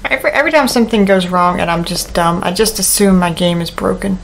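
A woman's voice: on the low side, quick pace, slight background noise, rough recording. A woman playing a horror game and commenting, talking to herself in a nervous, jumpy, joking way. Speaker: gaming YouTuber.

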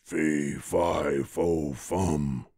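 A huge, menacing giant growls out his demands slowly, put on by an old man reading a fairy tale. The voice drops even lower than the reader's already deep tone. The sound is close and dry. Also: husky, dry recording, heavily acted.

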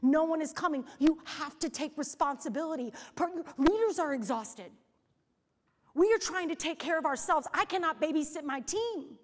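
A woman in her forties giving an energetic, story-driven motivational keynote on a hotel ballroom stage, acting out the quotes in her stories. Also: high voice, moderate pace. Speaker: keynote speaker. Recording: reverberant hall.

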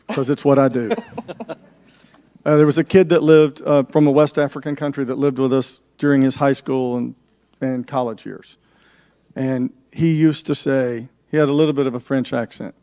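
A man's voice: medium pitch, fairly even intonation, moderate pace, a little mellow. A man on a business panel, telling an anecdote in a plain-spoken way. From United States. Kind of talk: panel discussion.

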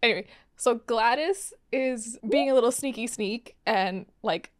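A woman's voice: a little high, measured pace. A woman hosting live anime reaction commentary, exclaiming, gasping and laughing as she gets emotionally invested.

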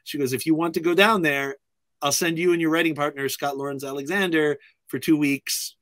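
A middle-aged man, a filmmaker guest, telling anecdotes in an animated way and acting out other people's lines. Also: on the high side, brisk, dry recording. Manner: acts out other people's lines in lively voices.

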